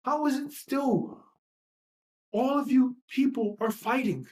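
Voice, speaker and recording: This livestream host has a high, slow, slightly mellow voice. She launches into an impassioned, heated rant full of profanity, firing off one rhetorical question after another.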